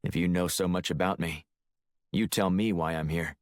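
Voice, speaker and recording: A tough male operative with dry, curt wit, voiced by a male narrator, deep voice, close and dry, spoken for a thriller audiobook. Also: fairly even intonation, moderate pace, no echo, close to an everyday voice. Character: tough male covert operative, wry, terse.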